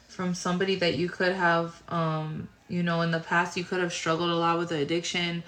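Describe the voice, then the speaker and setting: A woman's voice: on the low side, level tone, normal speed, fairly bright tone. A woman giving a casual tarot reading to viewers, rambling and searching for words, sounding tired. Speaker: tarot reader. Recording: roomy echo.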